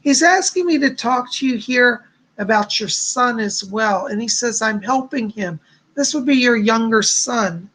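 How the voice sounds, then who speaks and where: A man's voice: very high voice, animated, unhurried, sharp tone. A man hosting a live stream of psychic readings, chatty and effusive, reading out viewers' messages and showering them with thanks and blessings. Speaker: psychic host.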